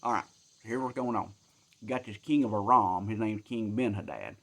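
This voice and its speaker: A man's voice: on the low side, normal speed, a bit bright. A man telling a Bible story in a rambling, joking, colloquial way.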